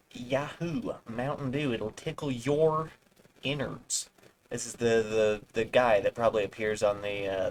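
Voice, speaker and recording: A man streaming from home, reading an article aloud at an ordinary pitch. He breaks off into sarcastic, rambling asides and curses. He stumbles over harder words, and a faint hiss sits under his voice. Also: a bit bright, rough recording.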